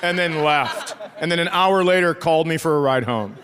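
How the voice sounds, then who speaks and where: A middle-aged man does stand-up on a theater stage at a moderate pace, his voice a little high. Heavy background noise and loud audience laughter fill the live recording as he sarcastically tells and acts out stories about his family.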